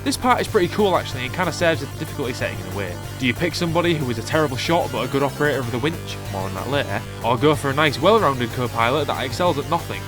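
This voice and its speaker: A man's voice: mid-range voice, expressive, very fast, few pauses, over music. A man doing a comedic voice-over review of an old game, sarcastic, sweary and mock-indignant.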